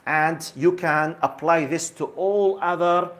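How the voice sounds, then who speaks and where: Man in his fifties, emphatic religious lecturer, fairly high voice, keeps questioning listeners. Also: fairly even intonation, takes it slowly. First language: Arabic. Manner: emphatic, repetitive, asks the audience questions. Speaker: Islamic lecturer.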